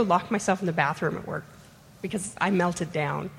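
Heartfelt, halting woman in a reverberant hall. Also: fairly low pitch, gravelly. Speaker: audience member at a fan panel. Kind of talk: emotional personal story. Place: convention panel room. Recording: long hall reverb with faint noise.

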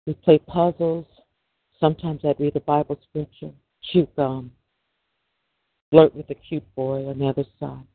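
A man's voice: a little high, fairly even intonation, unhurried, no echo. A middle-aged man, a podcast host, giving a preachy religious monologue full of rhetorical questions. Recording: dry, tinny phone-line sound.

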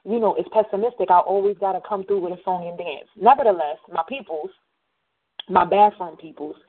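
A woman's voice: fairly low pitch, brisk, slightly rough. Casting: chatty radio host woman, slangy storyteller, thin phone-like audio. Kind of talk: casual monologue. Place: New Jersey.

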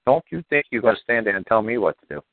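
A man's voice: lowish voice, lively intonation, rapid-fire, dry recording. A man telling rowdy, profane stories as a podcast guest, laughing often. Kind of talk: casual storytelling. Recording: tinny phone-like line, dry.

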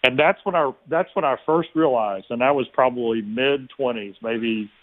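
A man telling a long personal story in an interview, relaxed and anecdotal, acting out the people in it. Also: medium pitch, normal speed. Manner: relaxed anecdotal, many restarts and quoted dialogue. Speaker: guest. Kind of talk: conversational storytelling. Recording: tinny phone-like line.

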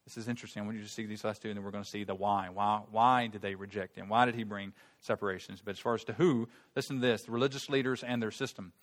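A man preaching a sermon, shifting from quiet explaining to loud, emphatic outbursts, with frequent restarts and repeated words. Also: on the low side, fairly even intonation, fast talker, hardly any pauses, in a large hall. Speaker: pastor.

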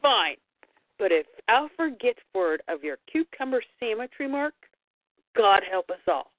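A woman's voice: a little high, big pitch swings, a little slow, no echo. A woman reading the lines of a stern, brooding older man in a clipped, grave way. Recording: tinny phone-like line.

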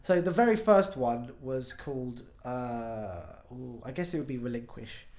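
A man's voice: mid-range voice, lively intonation, darkish tone. A man, a guest musician on a podcast, chatting casually and telling stories full of asides and self-corrections. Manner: rambling storyteller, quick asides and self-corrections.

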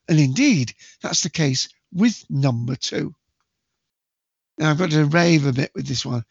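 A man hosting a casual movie quiz, chatty and jokey, with bursts of loud quote acting. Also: fairly high pitch, expressive, measured pace, creaky, slightly rough, no echo. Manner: chatty, jokey, self-mocking, acts out movie quotes loudly. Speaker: quiz host. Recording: dull lo-fi dry home recording.

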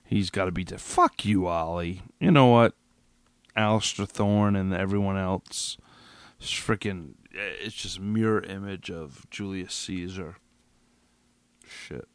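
Here a podcast host, low-pitched and a little slow, delivers a solo reaction rant about a TV finale in a clean tone without echo. He's a little tipsy, agitated and profane, rambling and restarting repeatedly.

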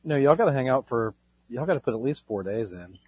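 Male co-host, husky, dry close sound, easygoing rambler. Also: medium pitch, lively intonation, a little fast, a little mellow, no echo. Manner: easygoing, rambling, full of fillers. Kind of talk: casual chat.

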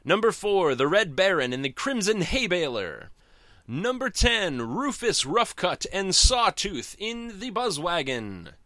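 A man putting on a booming cartoon race announcer. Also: very animated, measured pace, no echo, exaggerated voice. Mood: announcing. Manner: high, loud, showy roll-call delivery.

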